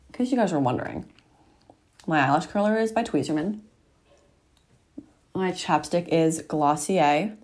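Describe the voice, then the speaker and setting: A woman's voice: on the low side, expressive, a little slow, pauses often, a little mellow. Chatty teen girl vlogging at home. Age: teens. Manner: chatty, self-deprecating, rambling asides. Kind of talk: casual chat to camera. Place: bedroom at a mirror, at home.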